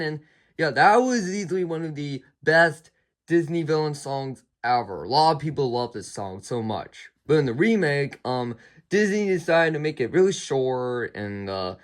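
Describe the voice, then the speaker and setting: A man retelling a movie's plot in a casual review, rambling and chaining "and then", often restarting and apologizing. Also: mid-range voice.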